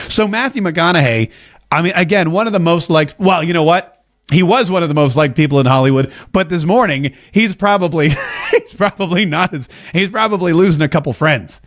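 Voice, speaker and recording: A man hosting a casual political commentary show to camera, animated and jokey, slipping into a drawl when he quotes someone. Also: on the high side, brisk. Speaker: host. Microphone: talking to a camera.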